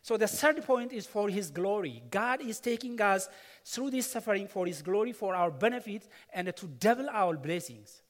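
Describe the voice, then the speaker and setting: A pastor preaches a sermon, earnestly telling a personal story, repeating words and adding asides. His voice sits high and is expressive at a moderate pace, with a long hall reverb on the recording.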